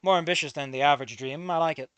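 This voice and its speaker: Gentle, encouraging teacher woman, read by a man, soft approval. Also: on the high side, fast, clear, resonant tone, no echo, close to an everyday voice. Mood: approving.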